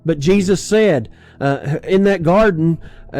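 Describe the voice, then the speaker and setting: A man's voice: high-pitched, a little slow, darkish tone, dry recording, soft background music. A man preaching a sermon in a conversational, anecdotal way, chuckling and restarting as he talks.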